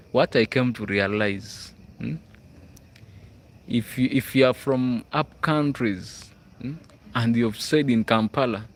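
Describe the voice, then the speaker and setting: A man from Uganda with a Ugandan English accent, chatting casually on a livestream and reading out viewers' comments. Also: medium pitch. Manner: chatty, reads out viewer comments, frequent "hmm?" check-ins. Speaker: livestream host. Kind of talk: casual live chat. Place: school grounds at night, outdoors.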